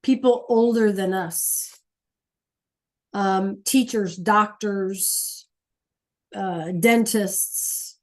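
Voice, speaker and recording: A woman teaching a language class, patiently explaining and checking in with her students often. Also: mid-range voice. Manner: repeats key points slowly. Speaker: Spanish teacher. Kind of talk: classroom lesson.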